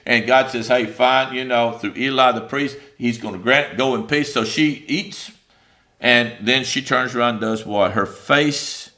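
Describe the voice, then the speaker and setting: A man delivers a sermon in a bright, forward voice. He speaks loosely and conversationally, with plenty of fillers, and reads scripture aloud before paraphrasing it. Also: mid-range voice. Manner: conversational, animated preaching with many fillers. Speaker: preacher.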